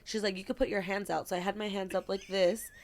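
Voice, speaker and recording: A young woman co-hosting a podcast, telling an animated story in casual chat, acting out quoted lines and swearing freely. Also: mid-range voice, fast talker. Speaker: podcast co-host.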